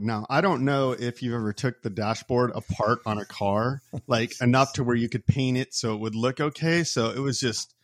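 A man spins a story among friends, lively and self-mocking, voicing his own old frustrations as he goes. His pitch is middle-of-the-road, and the recording is close and dry with no room sound. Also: no echo. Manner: animated, acts out his own past complaints; laughs at himself. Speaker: podcast co-host. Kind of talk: casual storytelling chat.

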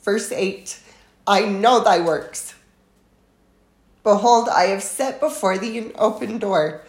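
A woman giving a devotional scripture talk, reading verses aloud in a slow, reverent and tender way. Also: mid-range voice, darkish tone, reverberant. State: moved to tears at times. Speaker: church speaker.

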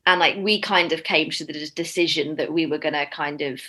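This young woman's voice sits low, moving a little fast with a sharp edge. She's an actress guest in a casual video-call interview, talkative and emotional, laughing even as she cries.

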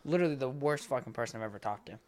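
A man co-hosting a podcast in casual chat, telling animated stories and laughing often. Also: mid-range voice, very fast. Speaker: podcast co-host.

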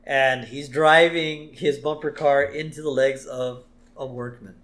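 A man's voice: medium pitch, fairly even intonation, measured pace, fairly bright tone. A man co-hosting a podcast, recapping an episode in casual chat and laughing often. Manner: laughs often, agrees readily. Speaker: podcast co-host.

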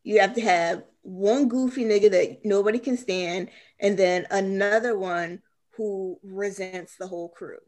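A woman co-hosting a podcast, chatting casually and throwing in quick, joking comebacks. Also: medium pitch, a little mellow. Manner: quick quips, often laughing. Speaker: podcast co-host. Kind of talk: casual chat.

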